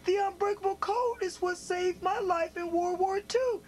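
A woman reading the lines of a gentle, firm old Navajo grandfather in a children's story. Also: very high voice, normal speed, slight background noise, low-quality recording. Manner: soft, quiet, sometimes stern. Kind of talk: storybook read-aloud, character voice.

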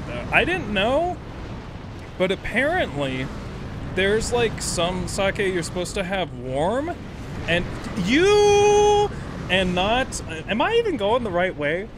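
Brief: young male game streamer, slightly high voice with a swooping, animated delivery, quick laughs and cursing, steady background noise. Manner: animated, laughs often, swears, talks back to chat. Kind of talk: live gameplay commentary.

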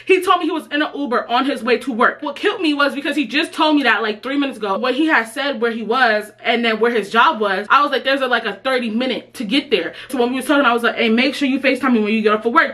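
A woman's voice: high-pitched, pushed and bright. A young woman telling a storytime to camera in a casual, slangy, exasperated way. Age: young adult. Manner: chatty, slangy, exasperated retelling. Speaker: vlogger.

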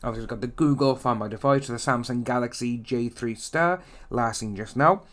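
Male vlog host, casual commentary, rambling, chatty, mid-pitched voice. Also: brisk, a bit bright. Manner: rambling and chatty, with frequent fillers. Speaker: channel host.

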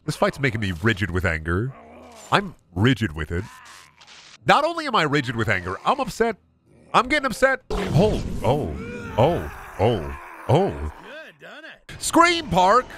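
A man doing casual, profane gaming commentary, breaking into loud angry outbursts and jokey rants. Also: medium pitch, wildly swooping pitch, a little slow, pauses often, slight background noise. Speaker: gaming streamer.

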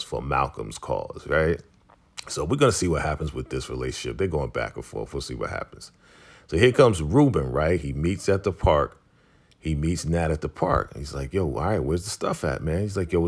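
A man casually recapping a TV episode, quoting the characters in loose street slang. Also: very deep voice. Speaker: recap host.

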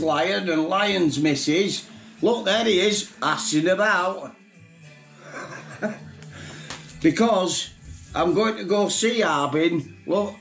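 A man with a Yorkshire accent, blunt and sweary, chatting excitedly to his viewers in a casual vlog. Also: a little high. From Bradford, England. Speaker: vlogger. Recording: echoey room with faint music.

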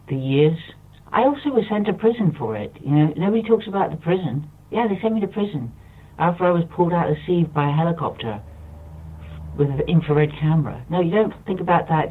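A man's voice: a little high, slightly rough. Emotional man on a distant phone line. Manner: rambling, impassioned, repeats himself. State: emotional, close to tears. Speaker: radio show guest. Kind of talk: impassioned monologue.

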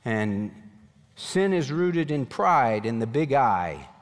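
A man preaching a sermon as a pastor, animated, voicing God's questions in a pleading tone. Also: mid-range voice, takes it slowly, in a large hall.

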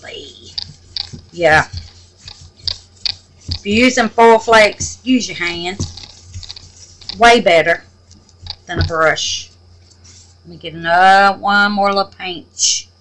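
A woman's voice: medium pitch, slow pace, pauses often, fairly bright tone, a little hiss or hum, low-quality recording. A woman hosting a casual crafting tutorial, chatting away, exclaiming to the Lord and muttering half-whispered asides to herself. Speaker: resin craft channel host.

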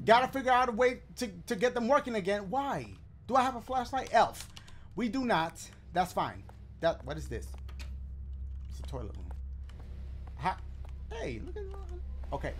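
A man talks through a video game in a high, bouncy voice that rises and drops all over the place. He jokes and riffs in slangy, animated let's play commentary. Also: normal speed, long pauses, a little hiss or hum. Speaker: gaming video host.

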